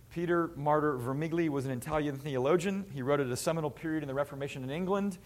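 Earnest preaching man, slightly high voice. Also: a little mellow. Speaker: pastor. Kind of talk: sermon.

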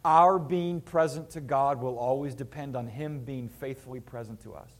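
A man's voice: medium pitch, moderate pace. A male pastor delivering a sermon to his congregation in an earnest, emphatic preaching manner.

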